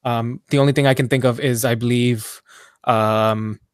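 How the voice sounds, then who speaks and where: A man's voice: medium pitch, steady tone, normal speed, smooth, dry recording, studio quality. A man co-hosting a casual gaming podcast, rambling and hedging with lots of ums as he thinks aloud. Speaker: podcast co-host.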